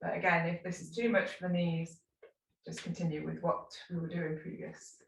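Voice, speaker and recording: Low gravelly woman leading tai chi. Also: a little hiss or hum. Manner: calm, unhurried cueing with soft asides. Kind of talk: live movement class instruction. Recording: echoey room, mic at a distance.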